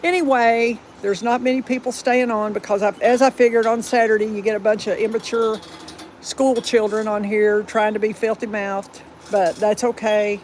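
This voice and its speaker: A woman's voice: on the high side, little pitch movement, normal speed, darkish tone, rough recording. Southern woman, livestream host, rambling casual chat, faint background noise. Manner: chatty and rambling, firm about rude viewers.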